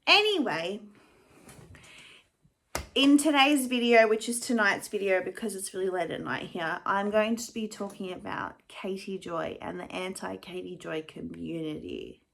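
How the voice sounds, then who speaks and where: A woman's voice: mid-range voice, measured pace, vocal fry, a bit bright, slight background noise. Chatty, nervous woman vlogger. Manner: chatty, self-deprecating, rambling. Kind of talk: casual rambling vlog.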